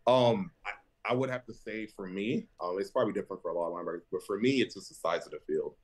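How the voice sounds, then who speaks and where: A football linebacker in his thirties tells animated stories as a guest on a podcast, talking quickly. He laughs often, and his pitch leaps up whenever he quotes other people.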